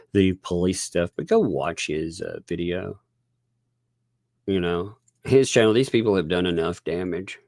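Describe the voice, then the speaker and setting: A man's voice: low voice, a little mellow, dry recording, clean studio sound. A man with a Southern US accent hosting a casual livestream, rambling, chuckling often and thanking viewers. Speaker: livestream host.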